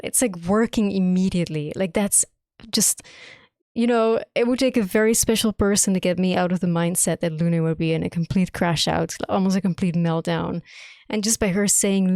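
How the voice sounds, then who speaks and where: Casual young woman streamer live reacting to a game, low pitch, dead dry sound, excited and sweary. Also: normal speed, no echo. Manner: gushing, emphatic, swears often. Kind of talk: live gameplay reaction commentary.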